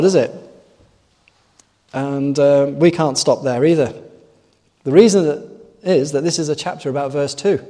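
A man's voice: medium pitch, mellow. A man preaching a sermon in an earnest way, often asking rhetorical tag questions, recorded in a large church hall. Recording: long echoing hall reverb.

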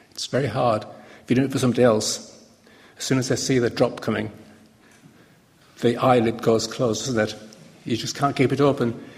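A man's voice: medium pitch, vocal fry. Man preaching in a reverberant hall. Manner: conversational, halting with fillers and restarts. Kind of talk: sermon. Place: church hall.

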